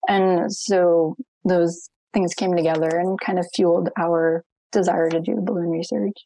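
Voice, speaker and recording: A young woman, a researcher and podcast guest, explaining her study in a measured, patient way. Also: lowish voice, flat delivery, mellow, no room sound, poor audio. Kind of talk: casual podcast interview.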